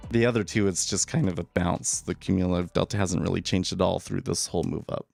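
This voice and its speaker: Casting note: low, gravelly man, loose opinionated trading chatter, faint music under him. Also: steady tone, fast talker, darkish tone. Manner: casual, opinionated, repeats words when starting sentences. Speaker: day trader streaming live. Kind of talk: live trading commentary.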